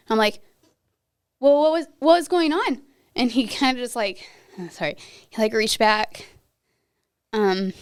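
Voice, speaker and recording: A woman's voice: medium pitch, smooth, no echo, studio quality. Young woman telling a heartfelt story. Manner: earnest, vivid retelling that acts out her own and others' words. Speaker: guest. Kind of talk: personal story in a podcast interview.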